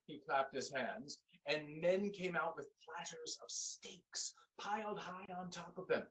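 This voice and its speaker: A man telling a folktale in a lively, dramatic way. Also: fairly high pitch, measured pace, hardly any pauses, far from the mic, rough recording. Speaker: storyteller. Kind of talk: expressive folktale storytelling. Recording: voice a bit off-mic.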